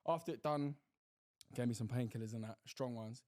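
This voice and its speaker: A man's voice: medium pitch, brisk, no room sound, studio quality. A young man, telling stories in a casual podcast chat, full of slang and swearing. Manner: animated storytelling with slang and swearing. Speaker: podcast co-host.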